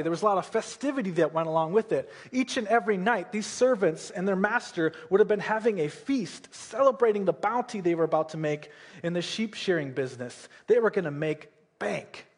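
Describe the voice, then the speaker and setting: A man's voice: sits high, husky. A man preaching a sermon, retelling a Bible story in a casual way and often checking in with "right?" and "okay?".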